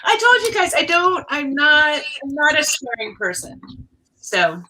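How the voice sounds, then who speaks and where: A woman's voice: high-pitched, big pitch swings, a little slow, a crowd in the background, poor audio. A woman, a writer on a panel, telling anecdotes in casual chat and giggling.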